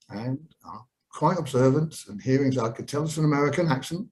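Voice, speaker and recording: A man's voice: mid-range voice, moderate pace, darkish tone, poor audio. Rambling older man telling stories. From England. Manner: rambling, anecdotal, with many fillers. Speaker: guest. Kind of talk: storytelling interview.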